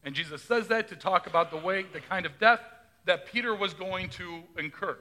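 A man's voice: high-pitched, normal speed, sharp tone. A male pastor giving a conversational sermon, often asking his congregation questions and retelling scripture in his own words.

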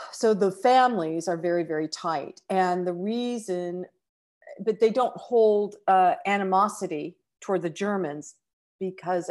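A middle-aged American woman telling a heartfelt personal travel story, halting with fillers and close to tears. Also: on the low side, a little mellow. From United States. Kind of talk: personal anecdote.

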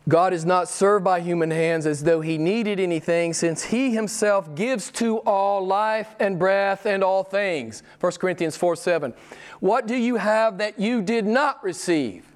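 A middle-aged man preaching a sermon, swinging between loud emphatic lines and hushed, whispered asides. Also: high voice, a little slow. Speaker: pastor.

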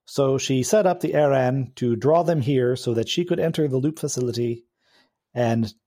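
A man voicing a stiff humanoid robot guardian in a coat and hat, speaking slowly and flatly like a machine. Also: mid-range voice, natural voice. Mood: explaining. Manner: slow, flat mechanical speech.

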